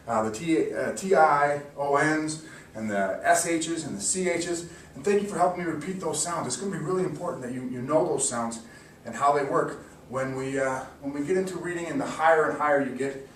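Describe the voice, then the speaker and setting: A man giving an encouraging mock classroom lesson, slowly sounding out words for students. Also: a little high. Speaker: teacher. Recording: echoey room, distant mic, faint hiss.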